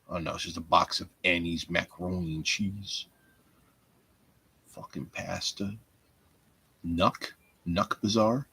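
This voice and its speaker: A man's voice: deep voice, fairly even intonation, unhurried, long pauses, pushed and bright, breathy edge. A man hosting a rambling solo podcast from home, profane and jokey, muttering asides to himself. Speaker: podcast host.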